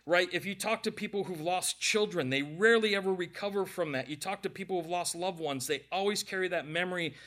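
Emotional preaching man, slightly high voice. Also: fairly quick, hardly any pauses, fairly bright tone. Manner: earnest, emotional, with self-deprecating asides. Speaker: pastor. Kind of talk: conversational sermon.

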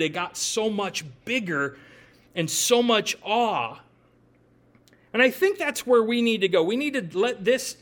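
A middle-aged man, giving a folksy, conversational sermon that asks the listeners questions and makes joking asides. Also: sits high. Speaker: pastor.

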